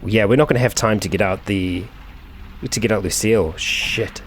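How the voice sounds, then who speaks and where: A man's voice: on the low side, a little fast, a little hiss or hum. A man hosting a let's play, chatting through his gameplay as he thinks aloud, with frequent fillers. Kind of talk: gameplay commentary.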